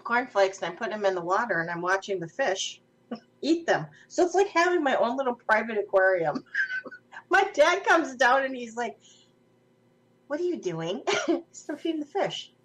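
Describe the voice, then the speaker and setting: A woman's voice: on the high side, very animated, moderate pace, a bit bright. A woman from Minnesota telling a funny story in casual chat, laughing often as she talks. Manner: giggly, laughs through her stories. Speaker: podcast co-host.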